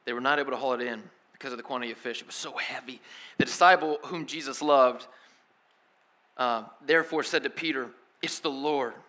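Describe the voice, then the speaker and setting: A man preaching a sermon as a pastor, telling the story in a lively, casual way with slang. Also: mid-range voice, fairly quick.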